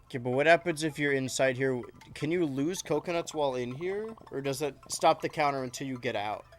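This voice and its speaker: A man's voice: mid-range voice, a little fast, faint music behind. A man casually commenting as he plays a video game on stream, joking with his chat. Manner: joking, animated, talking to chat while playing.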